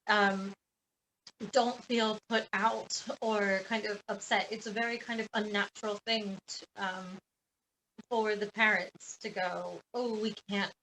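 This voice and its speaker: A woman with a middle-pitched voice speaks gently and reassuringly. She addresses family and friends over a video call, with plenty of "um" and "you know". There is faint ambience behind her. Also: slight background noise, rough recording. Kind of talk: casual webinar talk.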